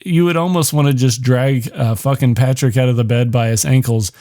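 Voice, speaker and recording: Podcast host, male, mid-pitched, dry close sound; loose, profane, sarcastic film recap. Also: fairly even intonation, a little fast, warm tone, dry recording.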